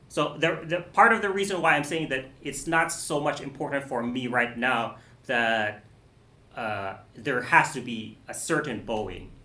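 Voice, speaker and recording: A man teaching a cello masterclass, explaining bowing and phrasing patiently, with many pauses, restarts and "okay"s. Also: mid-range voice, bright, forceful tone. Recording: roomy echo.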